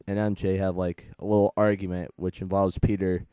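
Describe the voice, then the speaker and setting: A man's voice: low-pitched, little pitch movement, a little fast, warm tone, smooth, no echo. A young man in his late teens, chatting casually as he reviews a comic book and retells its plot in a rambling, digressive way.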